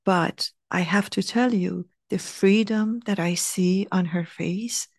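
A middle-aged woman telling a heartfelt personal story, earnest and animated, sometimes dropping to a soft hush. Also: medium pitch, slow pace, no room sound, clean studio sound. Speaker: speaker sharing a personal story.

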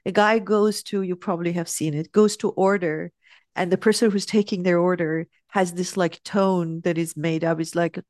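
A middle-aged woman speaking as a guest in a conversation, telling stories and acting out quoted voices with lively shifts. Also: medium pitch, no room sound, clean studio sound. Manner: reflective, acts out quoted voices animatedly. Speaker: guest sharing spiritual reflections. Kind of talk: conversational storytelling.

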